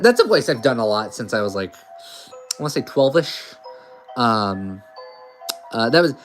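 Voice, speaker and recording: A man's voice: lowish voice, low-quality recording. A young man giving casual, rambling let's play commentary with fillers. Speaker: gamer.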